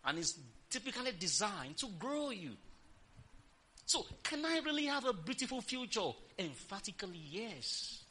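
A woman pastor preaching an emphatic sermon, firing rhetorical questions at the congregation and breaking into loud exclamations. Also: mid-range voice, very animated, moderate pace, a little hiss or hum.

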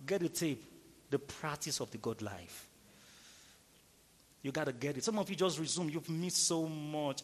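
A man preaching a sermon, emphatic, shifting between loud rhetorical questions and low, intimate tones. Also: animated, normal speed, in a large hall. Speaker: pastor.

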